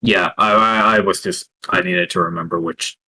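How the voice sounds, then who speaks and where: A man narrating as game master of a tabletop game, hesitant and full of filler pauses. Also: deep voice, fairly even intonation, pushed and bright, husky, poor audio.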